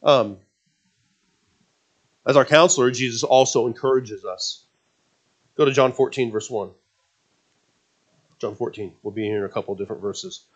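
A man's voice: mid-range voice, moderate pace, pauses often. A man preaching a sermon to a congregation, leading them in reading scripture aloud, with earnest fervent passages and self-deprecating asides. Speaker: pastor.

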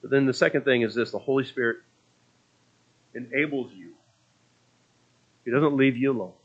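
A man delivers a sermon in a relaxed, storytelling way, often stumbling and restarting phrases. His voice sits at an ordinary middle pitch. The recording sounds a little muffled. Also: moderate pace, breathy edge. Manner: conversational storytelling preaching with repeated restarts. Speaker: preacher.

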